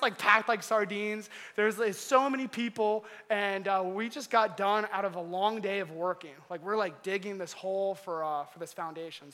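A young man telling a story during a casual sermon, animated and full of laughs and filler words. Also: high voice. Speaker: youth pastor. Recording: long hall reverb.

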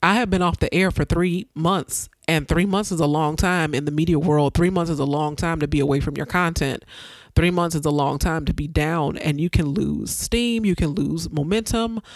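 A woman's voice: low-pitched, normal speed, dry recording. Earnest woman podcaster, preacherly repetition. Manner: earnest, preacherly, repeats phrases for emphasis. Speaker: podcast host. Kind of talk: faith-based motivational podcast talk.

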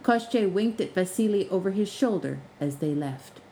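A woman narrating a fiction podcast in an expressive, measured storytelling voice. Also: medium pitch, a little hiss or hum, poor audio.

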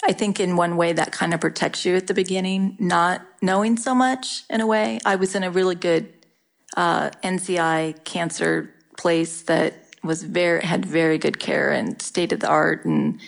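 A middle-aged woman talking candidly in an interview, halting often and restarting her sentences. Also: lowish voice, vocal fry. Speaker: guest sharing her cancer story. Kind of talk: casual interview talk.

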